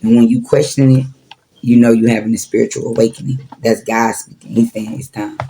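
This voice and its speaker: Gravelly man preaching casually. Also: medium pitch, flat delivery, a little fast, mellow. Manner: preachy, repetitive, profane slang. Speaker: spiritual vlogger. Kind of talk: casual spiritual talk.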